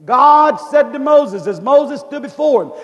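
A man preaching a fervent revival sermon, repeating phrases and building up to shouted questions. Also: very high-pitched, animated, unhurried. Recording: long hall reverb.

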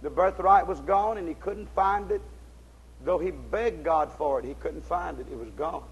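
A man preaching a fiery sermon, in folksy, ungrammatical speech, swinging between shouted exhortation and low, intense tones. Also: moderate pace, breathy edge, lo-fi sound.

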